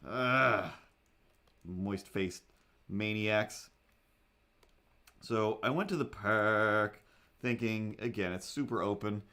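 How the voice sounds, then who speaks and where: Animated man telling a story casually. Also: takes it slowly, pauses often. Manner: animated, acts out quoted thoughts in a higher voice. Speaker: livestream host. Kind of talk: casual storytelling while drawing.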